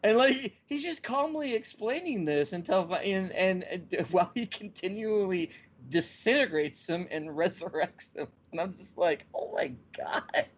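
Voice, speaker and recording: Animated man recapping a story, muffled audio. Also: high voice, unhurried. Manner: animated storytelling with frequent restarts. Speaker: podcast host. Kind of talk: casual chat.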